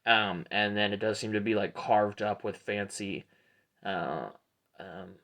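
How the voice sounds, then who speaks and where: A man's voice: lowish voice, unhurried. Easygoing male game master. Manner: relaxed, rambling with many fillers. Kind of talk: narrating a tabletop game.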